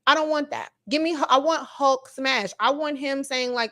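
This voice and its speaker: A woman hosting a casual livestream from her computer at home, talking straight to her viewers. Her voice sits a little high, and she is chatty and animated and laughs easily. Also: moderate pace. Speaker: livestream host. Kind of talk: casual livestream reaction chat.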